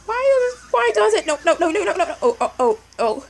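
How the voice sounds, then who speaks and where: A young woman commentating her puzzle game casually, excitable, yelling at the game and repeating "no" over and over. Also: very high-pitched, a little fast, rough recording. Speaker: gameplay commentator.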